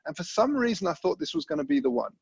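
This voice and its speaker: A man's voice: a little high, big pitch swings, fast, slightly rough, dry recording. A man co-hosting a podcast, rambling with many restarts and the odd playful, preachy aside. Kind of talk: casual video-call chat. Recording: dull lo-fi mic.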